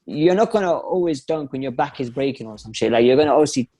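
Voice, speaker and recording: A young man co-hosting a podcast in casual chat, slangy and loose in quick bursts. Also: medium pitch, animated, dark tone. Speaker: podcast co-host.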